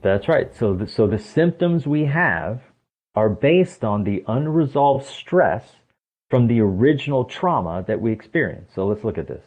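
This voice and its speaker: A man's voice: medium pitch, big pitch swings, unhurried, a little mellow. A man speaking as a podcast guest, explaining emphatically and often asking rhetorical questions. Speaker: podcast guest, stress coach. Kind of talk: explanatory interview talk. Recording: tinny phone-like line.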